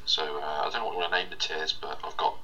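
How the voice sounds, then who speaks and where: A man's voice: very deep voice, flat delivery, fast, very noisy. A young man co-hosting a casual podcast over a video call, hesitant and prone to repeating words. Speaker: podcast co-host. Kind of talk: casual chat.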